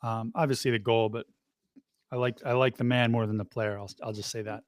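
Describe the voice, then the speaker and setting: A man co-hosting a live podcast, relaxed and chatty, giving shout-outs. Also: medium pitch, fairly quick, dry recording, clean studio sound. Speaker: podcast co-host. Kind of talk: casual live podcast talk.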